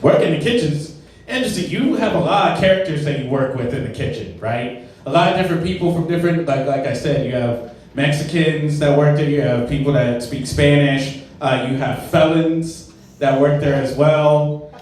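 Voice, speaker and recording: A man's voice: fairly high pitch, moderate pace, darkish tone. A man doing a stand-up comedy set, telling a loose, conversational story with sudden acted exclamations. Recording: echoey room miked from a distance with faint ambience.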